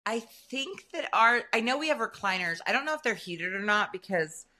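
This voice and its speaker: A middle-aged woman from Illinois co-hosts a podcast in casual chat. Her voice is bright and sharp, and her pitch swings widely as she jokes. She drops into sarcasm often and keeps her delivery animated. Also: a little fast. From Illinois, USA. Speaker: podcast co-host.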